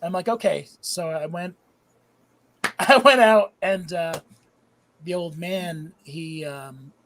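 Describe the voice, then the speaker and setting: A man on a live panel show, high and drifting in and out, telling a rambling story full of swearing. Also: slow pace, fairly bright tone, slight background noise. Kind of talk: casual live panel chat.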